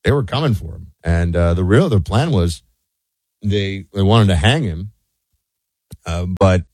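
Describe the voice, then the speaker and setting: A man talks in a loose, chatty monologue, circling back and restarting his sentences. His voice sits very low. The recording is dry and close, with no room sound. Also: a little mellow, no room sound. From United States. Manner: rambling, self-correcting, chatty. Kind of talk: casual monologue.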